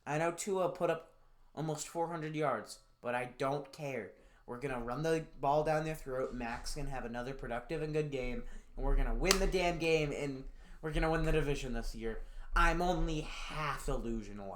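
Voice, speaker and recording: A man's voice: fairly high pitch, slight background noise. A man giving casual sports predictions in a profane, sarcastic rant, swinging from fired-up outbursts to glum muttering. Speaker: NFL picks YouTuber.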